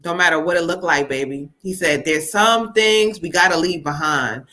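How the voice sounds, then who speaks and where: Chatty bright-voiced woman giving readings. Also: on the low side, normal speed. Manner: chatty, laughs often, relays spirit messages. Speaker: psychic reader hosting a live stream. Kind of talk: live tarot reading.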